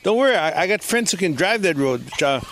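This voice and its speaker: An older man from Hawaii tells long, rambling stories with plenty of fillers, his voice sitting a little high. Faint outdoor ambience hums behind him at a beach resort. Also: expressive, a little fast, a bit bright, slight background noise. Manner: rambling, storytelling with many fillers. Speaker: slack key guitarist. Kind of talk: casual interview.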